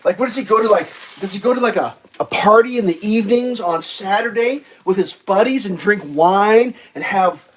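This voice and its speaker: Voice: mid-range voice, moderate pace, hardly any pauses. Rambling, sarcastic home vlog host. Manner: rambling, sarcastic, profane, laughs often. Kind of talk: casual rambling rant at breakfast. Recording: distant mic with faint noise.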